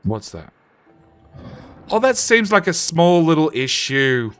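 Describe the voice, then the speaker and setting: A man's voice: fairly high pitch, sing-song, slow pace, clear, resonant tone, faint music behind. A man streaming a game live and chatting with viewers in a loose, joking, self-mocking way, often restarting his sentences and casually swearing. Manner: casually profane.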